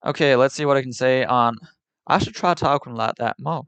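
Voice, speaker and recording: A man's voice: mid-range voice, fairly quick, vocal fry, a bit bright, clear, resonant tone, no echo. A man live-streaming in casual chat, opinionated and rambling with many fillers.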